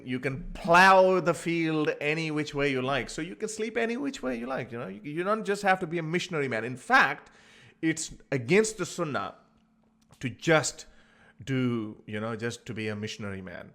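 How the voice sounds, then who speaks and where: A man's voice: medium pitch, a bit bright. A man giving comedic vlog commentary, mocking and laughing often, stammering when he gets flustered. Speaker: YouTube commentator.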